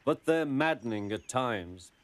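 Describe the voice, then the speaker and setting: A fatherly older steam engine , voiced by a man, severe when scolding but kind underneath. Lively storybook delivery. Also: mid-range voice, unhurried, lightly acted. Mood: stern.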